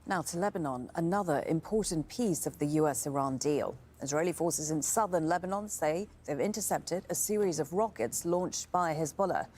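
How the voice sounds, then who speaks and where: A woman news anchor reading scripted headlines in a measured, formal way. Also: deep voice, a little mellow, a little hiss or hum.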